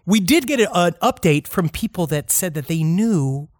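Male co-host, high voice, dry close sound, crude joker. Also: expressive, moderate pace, no room sound. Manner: crude joking, breaks into silly baby voices. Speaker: podcast co-host. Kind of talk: casual chat.

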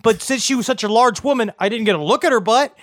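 A man co-hosting a casual comedy podcast, reading listener emails aloud with animated storytelling and swearing. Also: very high-pitched, fast, dry recording, clean studio sound.

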